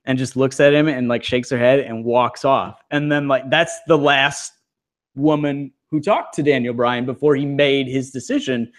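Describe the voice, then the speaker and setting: A man co-hosting a wrestling podcast in loose, casual chat. He rambles at a middling pitch, stacks up filler words and swears freely as he reviews the week. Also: steady tone, normal speed. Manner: rambling, filler-heavy, profane. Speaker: podcast co-host.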